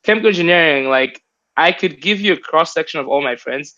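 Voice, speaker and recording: A man's voice: a little high, fairly quick, bright, forceful tone. A young man as an interview guest, talking casually in a rambling way with many fillers and restarts. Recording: dull lo-fi sound.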